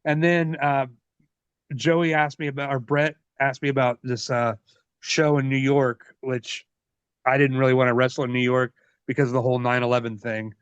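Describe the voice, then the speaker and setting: A man in his forties, a wrestler being interviewed, telling stories in a casual, profane, animated way. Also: medium pitch, normal speed, smooth, dry recording. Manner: profane, animated, laughs often. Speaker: wrestler guest. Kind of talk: casual storytelling. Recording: dull lo-fi dry sound.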